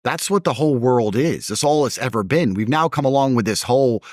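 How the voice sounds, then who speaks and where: A man's voice: mid-range voice, animated, a little fast, darkish tone, dry recording, clean studio sound. A man in casual podcast conversation, talking bluntly and emphatically. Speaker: podcast guest.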